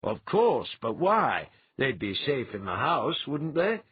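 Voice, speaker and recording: A man voicing an earnest, grateful chieftain who is loyal and warm toward his friend. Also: medium pitch, big pitch swings, slow pace, slightly rough, no echo, phone-quality sound, voice pushed up, exaggerated voice.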